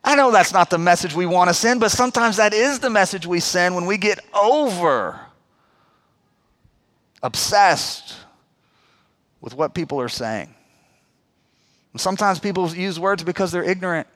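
Pastor, man, forties, high voice, chatty emphatic sermon delivery. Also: expressive, normal speed, pauses often, a bit bright. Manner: conversational, emphatic preaching with acted-out quotes.

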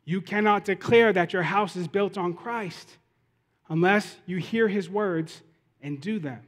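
A man's voice: high-pitched, a little slow, a bit bright. A man preaching a sermon as pastor, talking in a conversational way that builds into impassioned preaching. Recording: long hall reverb.

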